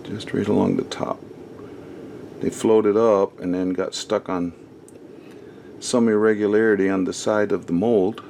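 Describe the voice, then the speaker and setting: A man's voice: lowish voice, steady tone, a little slow, creaky, long pauses, warm tone, slight background noise. A man hosting a casual craft how-to, chatting and rambling with many ums and uhs as he works, his distance from the camera mic shifting as he moves. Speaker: craft channel host.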